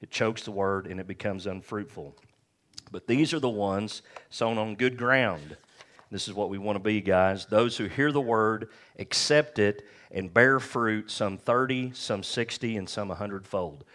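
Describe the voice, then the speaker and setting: Low-voiced man preaching a sermon. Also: measured pace, a bit bright. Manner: earnest, conversational preaching with anecdotes. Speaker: pastor.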